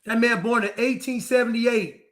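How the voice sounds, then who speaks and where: A man's voice: very high-pitched, fairly even intonation, moderate pace, fairly bright tone. A man delivering a defiant ranting monologue to camera, repeating his phrases over and over.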